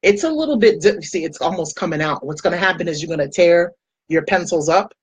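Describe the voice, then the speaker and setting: A young American woman talks through her makeup routine in a casual vlog, sliding into chatty stories and acted-out quotes. Her voice sits low with a slightly husky grain, and the sound is dry and close with little room echo. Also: brisk. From United States. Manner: chatty storytelling, animated quoted voices, frequent laughs. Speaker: makeup vlogger. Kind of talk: casual chat while doing makeup.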